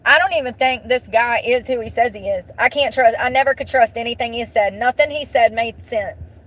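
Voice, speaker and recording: A woman talks straight to her viewers in a fairly high voice, airing a grievance. She is blunt and swears freely, hammering her points home by repeating the same phrase again and again. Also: normal speed, fairly bright tone, poor audio. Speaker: vlogger. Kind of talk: emotional venting monologue.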